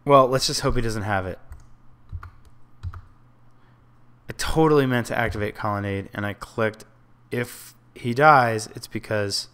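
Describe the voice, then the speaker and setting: A man's voice: fairly low pitch, fairly bright tone. A man casually commenting on his own online card game, thinking aloud about plays and grumbling at his own mistakes. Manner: self-critical, frustrated muttering and outbursts. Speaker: gameplay commentator.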